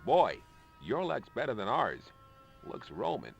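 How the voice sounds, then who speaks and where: An actor playing a folksy, gruff older American man with a blunt, drawling way of talking, in video game dialogue. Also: mid-range voice, wildly swooping pitch, a little slow, dull audio, soft background music, full character voice.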